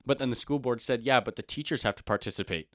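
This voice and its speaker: A young man in his twenties co-hosting a podcast, relaxed and matter-of-fact as he explains things. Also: mid-range voice, quick pace, no echo, clean studio sound. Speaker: podcast co-host. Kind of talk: casual chat.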